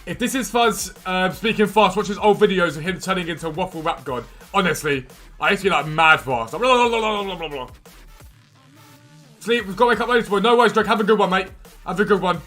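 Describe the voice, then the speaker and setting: A man hosting a live game stream, chatting casually and quickly answering viewers' questions from chat. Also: high voice, pushed and bright, soft background music.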